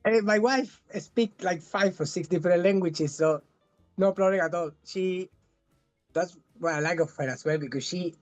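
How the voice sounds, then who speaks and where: A man's voice: high-pitched, normal speed, soft background music. A man in his thirties from southern Spain with a thick Spanish accent, chatting as a guest in a casual interview, often restarting and repeating words.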